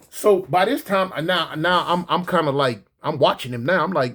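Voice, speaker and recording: A storyteller talking casually and slangily, animated, often repeating words and acting out voices. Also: mid-range voice, normal speed, husky. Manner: acts out voices in quotes.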